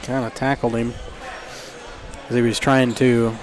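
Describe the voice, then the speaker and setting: A man calling a basketball game play by play, jokey and quick to get excited on big plays, in a school gym. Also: medium pitch. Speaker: play-by-play announcer. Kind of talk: live basketball commentary.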